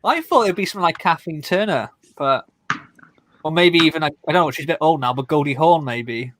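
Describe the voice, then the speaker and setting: Quick to joke and prone to rambling, this man co-hosts a livestream's casual group chat. His voice leans high with a fairly bright tone, and there's a little hiss or hum on the audio.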